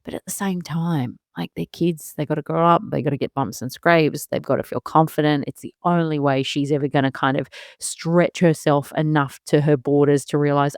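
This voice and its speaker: A woman's voice: sits low, normal speed, darkish tone, dry recording, studio quality. A woman, hosting a solo parenting podcast and talking candidly and emotionally, laughing through her worries. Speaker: podcast host.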